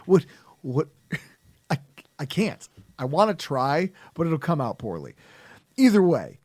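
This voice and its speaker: A man hosting a sports podcast, his fairly high voice swinging widely as he rants with sarcastic, heckling energy. The sound is dry and close to the mic. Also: a little mellow, no echo. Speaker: podcast host. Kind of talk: casual sports podcast rant.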